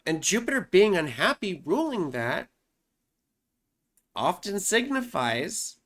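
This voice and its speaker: A woman's voice: lowish voice, big pitch swings, slow. A woman astrologer explaining horoscopes in a loose, chatty way, often saying "you know" and "right?".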